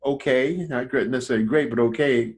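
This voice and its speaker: A man's voice: mid-range voice, a little fast, slightly rough. Rambling man talking films. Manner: rambling with many restarts. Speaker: online film critic. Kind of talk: casual podcast film discussion.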